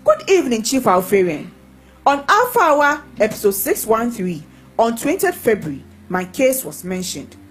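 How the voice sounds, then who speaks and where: A woman reading testimonies aloud in a lively, expressive way. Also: on the high side, normal speed, rough recording.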